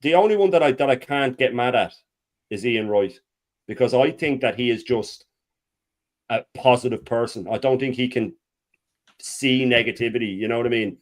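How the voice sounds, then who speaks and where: A man's voice: medium pitch, moderate pace. A man on a football panel video call, frustrated and ranting, repeating words as he starts a thought. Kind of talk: casual chat.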